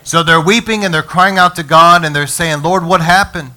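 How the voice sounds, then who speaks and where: A male pastor delivers an energetic sermon in a bright, forceful voice pitched a little high. He preaches directly to the congregation and calls on them to answer back. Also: normal speed.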